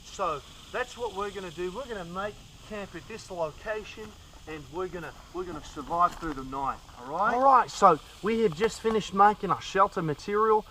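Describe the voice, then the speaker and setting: Young male comic host, high voice, overblown earnest survival-show patter, faint insect hum outdoors. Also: far from the mic. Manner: over-earnest, fake-dramatic enthusiasm about silly gear. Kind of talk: mock-serious comedy survival presenting.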